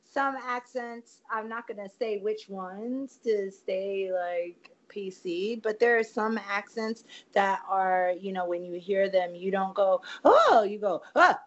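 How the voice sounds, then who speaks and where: A woman with a drawl banters playfully, laughing often and tossing in "y'all". Her pitch sits in the middle range for a woman. The sound is slightly dull and lo-fi. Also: steady tone, takes it slowly, few pauses. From United States. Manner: playful, joking, laughs a lot, uses "y'all". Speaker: guest wrestler. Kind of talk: casual interview chat.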